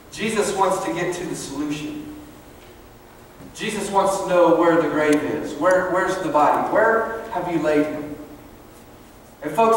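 A male pastor preaching a passionate sermon, his fairly high voice rising and falling between hushed lows and ringing peaks. He is picked up from a distance in a church sanctuary, so every phrase rings with a long reverb. A faint room hum sits underneath. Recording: very echoey church hall from afar.

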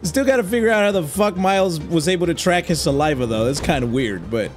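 A man commentating a video game playthrough in a high-pitched voice, emotional and quick to swear as he reacts. Faint game music runs underneath him. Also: animated. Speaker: gaming YouTuber. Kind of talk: let's play commentary.

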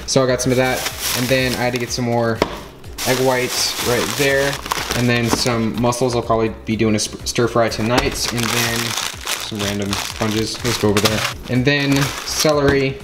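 A man talking casually to his viewers in a vlog, chatty and rambling with quick jokes. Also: medium pitch, background noise. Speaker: vlogger.

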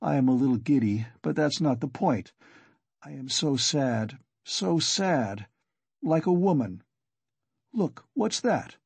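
A man's voice: mid-range voice, expressive, slow pace, vocal fry, a little mellow, husky, dry recording, exaggerated voice. A man voicing a feverish, weak young man. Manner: strained and fretful. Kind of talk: audiobook character reading.

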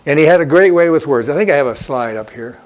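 A man's voice: on the high side, expressive, quick pace. A man preaching a sermon as pastor in a church, in a conversational storytelling way that repeats key points.

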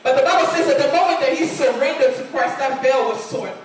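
A woman's voice: sits high, brisk. A woman preaching a sermon in a church, earnest and repeating lines for emphasis. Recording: echoey church hall, voice from far off.

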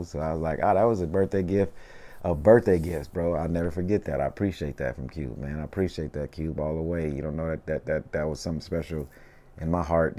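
Very deep-voiced laid-back Southern Californian man. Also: dark tone. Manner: laid-back, slangy, many fillers like "you know what I mean". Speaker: interview guest, rapper. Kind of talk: casual storytelling interview.

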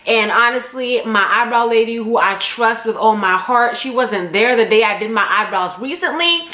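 A young woman vlogging from her home, her Jamaican-tinged accent running through a rambling, blunt, often profane chat. Her voice sits a little high and sounds crisp and forceful. The room around her rings with a clear echo. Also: normal speed. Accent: Jamaican-tinged English. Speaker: YouTuber. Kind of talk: casual direct-to-camera vlog. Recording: echoey room.

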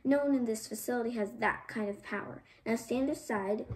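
A woman's voice: on the high side, a little fast, slight background noise, close to an everyday voice, low-quality recording. A woman voicing a stern, pious male orphanage administrator who gives commanding, sneering orders.

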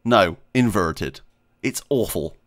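A man's voice: sits low, lively intonation, slow, a bit bright, no room sound, studio quality. A man hosting a gaming video, chatting casually and rambling while he plays, laughing often and talking to himself. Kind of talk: casual gameplay commentary.

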